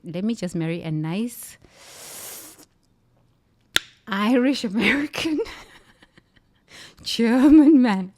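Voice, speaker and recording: Woman, South African accent, low pitch, dry sound, emphatic motivational talk. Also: darkish tone, no room sound. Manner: intense, emphatic, repeats phrases for effect. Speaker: speaker. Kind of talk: forceful motivational monologue.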